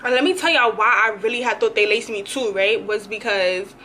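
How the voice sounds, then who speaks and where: A woman's voice: medium pitch, fairly quick, slight background noise. A young woman vlogger telling a dramatic, slangy story in a casual storytime. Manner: animated, slangy, dramatic retelling.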